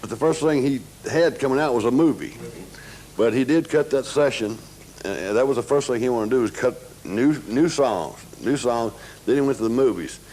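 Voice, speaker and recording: A man recounts a prank in an interview, at a middle pitch but jumping high when he mimics others. Faint room ambience sits behind him. He has a mischievous, playful way of telling it. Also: normal speed, a little mellow, slight background noise, low-quality recording. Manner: playful, mimics voices in quoted dialogue. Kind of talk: anecdotal storytelling.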